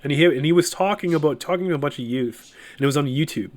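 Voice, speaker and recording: A middle-aged man, a podcast guest, telling a personal faith testimony in an earnest, halting way, with many restarts and fillers. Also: a little high.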